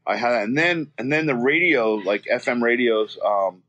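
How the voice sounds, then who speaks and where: A man's voice: mid-range voice, lively intonation, moderate pace, a bit bright, muffled recording. A man from Florida telling a childhood story as a guest, rambling and swearing, with many restarts. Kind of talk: casual storytelling.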